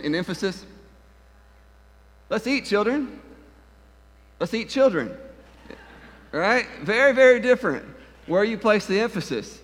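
A folksy man preaching from the pulpit, his voice sitting on the higher side for a man. He talks to the congregation like old friends, joking at his own expense and pressing down on the words that matter. A long church-hall reverb trails every phrase. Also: a bit bright. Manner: folksy and self-deprecating, with stressed words. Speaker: pastor. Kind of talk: conversational sermon. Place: church sanctuary.

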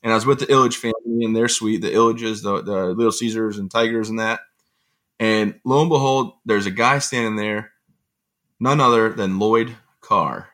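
A man from Michigan, a motivational speaker as guest, telling lively self-mocking stories in a casual way. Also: fairly low pitch, moderate pace. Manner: lively, self-mocking, often laughing and acting out quotes. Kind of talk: casual anecdotal storytelling.

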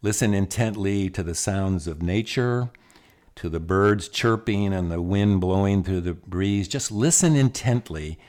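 An older man talks in a relaxed, folksy way, his voice sitting low. He restarts phrases, repeats words and chuckles as he goes. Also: measured pace. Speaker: speaker on self-talk and the mind. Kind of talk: casual talk.

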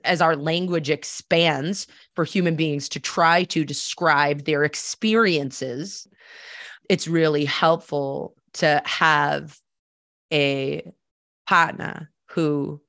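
A woman's voice: low voice, steady tone, slow, fairly bright tone, no echo, clean studio sound. A woman hosting a personal storytelling podcast, talking candidly and conversationally with frequent fillers. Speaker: podcast host.

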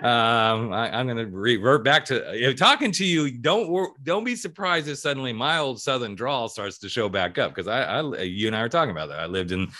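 A man's voice: mid-range voice, animated, a little fast, hardly any pauses, pushed and bright. A man from California in his forties hosting a podcast, earnest and chatty with rambling asides. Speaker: podcast host. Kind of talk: casual podcast chat.

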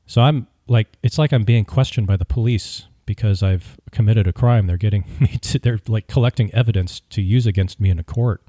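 A man hosts a podcast and tells a story in an opinionated, wry, animated way. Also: fairly low pitch, brisk, few pauses, no room sound, studio quality. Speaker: podcast host. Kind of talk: casual storytelling.

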